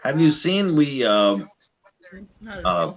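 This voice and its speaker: A man hosting a live stream in casual banter, laughing easily and reacting quickly. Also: medium pitch, big pitch swings. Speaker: stream host. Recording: muffled lo-fi audio.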